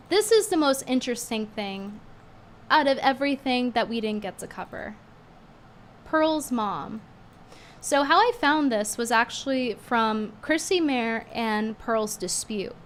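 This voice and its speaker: A woman streams casual commentary, sarcastic and animated, flaring up in indignation as her voice turns slightly hoarse. Her pitch sits on the high side, with a faint hiss or hum in the background.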